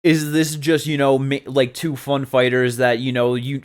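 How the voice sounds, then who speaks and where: A man's voice: medium pitch, level tone, moderate pace. A man co-hosting a podcast, talking in a rambling, casual way with lots of fillers and swearing. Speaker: podcast co-host. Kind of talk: casual chat.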